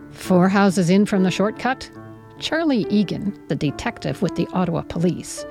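A woman's voice: lowish voice, gravelly, a little mellow, dry recording. A woman reading her own first-person story aloud in a wry, conversational way, sometimes dropping to a whisper.

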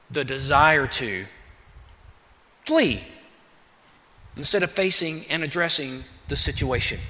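A man preaching a sermon as pastor, in an animated, conversational way with playful asides, in a church sanctuary. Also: a little high. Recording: church hall reverb.

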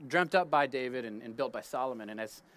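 Out in his garden, a man gives a casual spoken Bible teaching in a fast, mid-range, slightly bright voice. He talks conversationally, restarts his sentences, and checks in with "right?"

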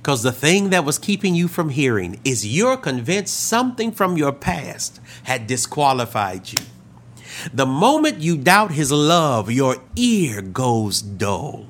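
A man preaching a sermon as a pastor, telling stories with dramatic swings between loud and hushed delivery. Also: mid-range voice, big pitch swings, takes it slowly, slight background noise. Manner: dramatic storytelling, acts out quoted voices, swings loud and hushed.

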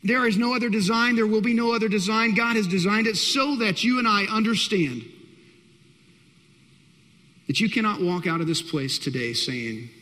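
A man's voice: sits high, pushed and bright. A man preaching a sermon to a congregation, emphatic and direct, repeating key phrases to drive his point home. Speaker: pastor. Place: church hall. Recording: long reverb of a large hall.

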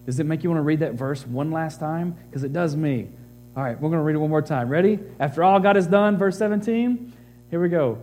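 Male pastor, sermon delivery, mellow tone, slightly high voice, faint hum. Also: a little fast. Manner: animated, rising to excited emphasis.

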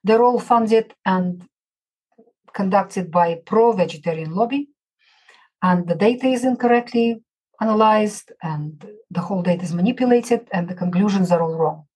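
A woman's voice: medium pitch, normal speed, mellow, slightly rough, low-quality recording. A woman from Russia with a Russian accent, a physician answering interview questions in an emphatic, assertive way. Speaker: guest physician.

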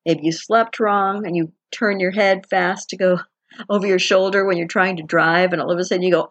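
A woman's voice: fairly low pitch, steady tone, a little fast, dry recording. A woman giving a chatty, conversational self-help talk as a wellness teacher. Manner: chatty, conversational, acts out quotes with laughs.

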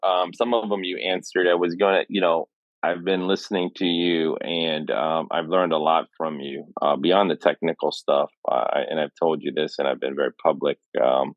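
A man's voice: rumbling low, fairly even intonation, moderate pace, dry recording. A man, a doctor, speaking as a guest in a podcast interview, agreeable and hesitant with many fillers. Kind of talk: conversational interview. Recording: dull dry lo-fi audio.

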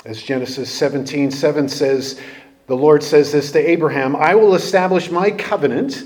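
A male pastor with a fairly high pitch preaches at a moderate pace, keeping his sermon animated and conversational, with plenty of rhetorical questions.

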